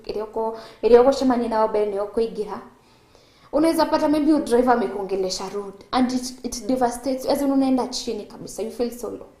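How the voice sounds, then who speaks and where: A woman's voice: a little high, mellow, echoey room. A Kenyan woman hosting a Christian TV show, giving emphatic devotional teaching and switching languages often. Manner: code-switching, emphatic, laughs between points.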